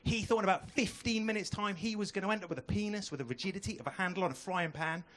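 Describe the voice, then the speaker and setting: A young man doing a stand-up comedy set on a club stage, chatting with the crowd through a handheld mic and throwing in quick asides. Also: high-pitched, a bit bright.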